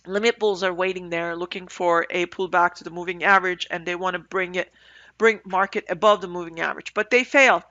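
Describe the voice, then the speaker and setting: A congested woman breathing through her mouth gives an end-of-day market review as a trader, thinking aloud in halting phrases with fillers. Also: on the low side, steady tone, sharp tone, no echo, highs cut off.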